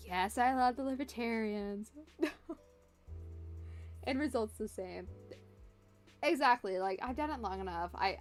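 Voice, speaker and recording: A woman art streamer chatting casually and jokingly with her viewers as she draws, rambling and answering the chat. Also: on the high side. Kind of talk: casual livestream chat while drawing. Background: faint background music.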